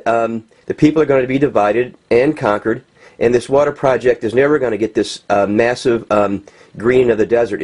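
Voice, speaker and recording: With a medium-pitched, darkish voice, this man from the United States rants in unscripted commentary over images. He's a vlogger, clearly agitated, stumbling through many restarts and filler words.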